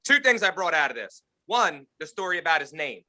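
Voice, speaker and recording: A man co-hosting a podcast, ranting loudly in profane mock anger. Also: fairly high pitch, very animated, brisk. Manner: loud, swearing, ranting and mock-angry. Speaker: podcast co-host. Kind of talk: profane casual banter.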